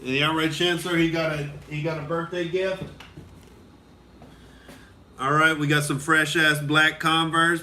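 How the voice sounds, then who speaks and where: Profane ranting male comedian, bright voice. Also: fairly high pitch, little pitch movement, measured pace, pauses often. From Oklahoma. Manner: profane, heated ranting, reads viewer comments. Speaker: comedian hosting a live stream. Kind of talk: ranting live-stream commentary.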